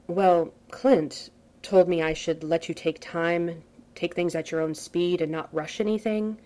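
A woman voicing an earnest, gentle and kind grown man who speaks softly and a little hesitantly. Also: lowish voice, steady tone, unhurried, close to an everyday voice.

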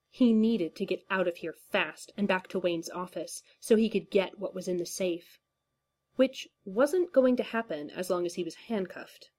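Woman narrating a fanfic story, kinda low voice, calm even reading. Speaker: story reader. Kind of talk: reading fan fiction aloud.

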